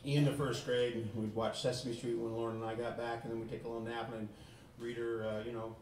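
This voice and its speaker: A man's voice: mid-range voice, flat delivery, brisk, a little mellow. Guy telling a funny personal story, swears a lot, laughs through it, roomy echo and a bit of room noise. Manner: casual, profane, laughing as he tells it. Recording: roomy sound from a distant mic.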